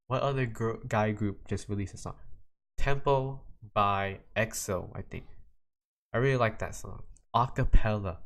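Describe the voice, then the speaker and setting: A teenage young man hosting a solo podcast, rambling casually from topic to topic with lots of restarts and "like"s. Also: on the low side. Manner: rambling, jumps between topics, many restarts and "like"s. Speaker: podcast host.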